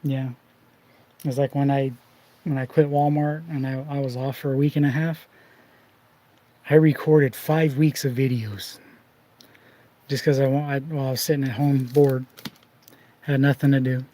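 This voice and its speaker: A man's voice: mid-range voice, level tone, normal speed, long pauses, dark tone, rough recording. A man hosting a card collecting channel, chatting casually behind the scenes and telling rambling anecdotes full of restarts.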